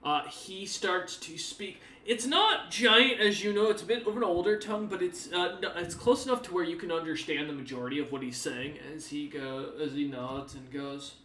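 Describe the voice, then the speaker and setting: A man's voice: a little high, normal speed, few pauses, bright, forceful tone. A man narrating as the game master of a tabletop game, descriptive and full of fillers. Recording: echoey room, distant mic.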